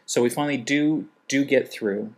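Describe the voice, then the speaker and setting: A man vlogs casually, telling a humorous travel story and acting out what people said in other voices. His voice is mid-range and his speed normal.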